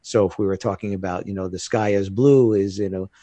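Low-voiced American man telling stories. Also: a little fast, no room sound. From United States. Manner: animated storytelling with laughs. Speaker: guest. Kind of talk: casual conversation.

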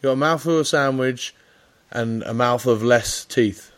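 A man's voice: medium pitch, unhurried, fairly bright tone. A man hosting a casual podcast, bantering with his co-host in a teasing, rambling way.

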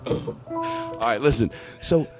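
A man's voice: medium pitch, takes it slowly, over loud music. A man, a comedian guest, telling a long, rambling comic story with restarts and passionate outbursts.

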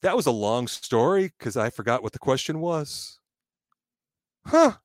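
Middle-aged man, comic storyteller, very lively pitch, dry close sound. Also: unhurried, dry recording. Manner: animated, acts out quoted voices, swears. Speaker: guest telling a story. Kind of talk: comic storytelling in casual chat.

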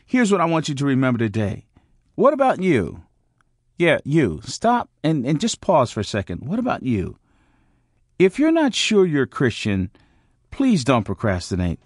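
A man's voice: medium pitch, no room sound, studio quality. A middle-aged man giving a short devotional sermon, earnest and urgent, repeating words for emphasis. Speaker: pastor.

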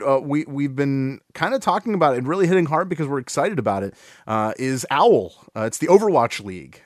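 A man hosting a casual gaming podcast, talking in a relaxed way with lots of fillers and restarts. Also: mid-range voice, no echo, clean studio sound. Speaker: podcast host.

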